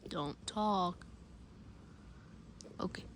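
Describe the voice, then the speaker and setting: A performer voicing a bratty, loud male shark puppet, playing a game and bossing it around with comic commentary. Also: mid-range voice, very slow, a little hiss or hum. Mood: sly. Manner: shouty, bossy, jumps between mutters and yells. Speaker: game player and channel host. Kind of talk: comic let's-play commentary.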